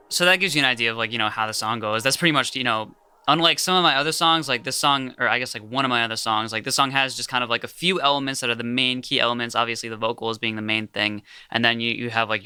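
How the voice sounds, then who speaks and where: A man's voice: medium pitch, sharp tone, smooth, no room sound, studio quality. A young man casually walking through how he produced a song, with lots of filler words. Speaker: music producer. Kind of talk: casual studio walkthrough.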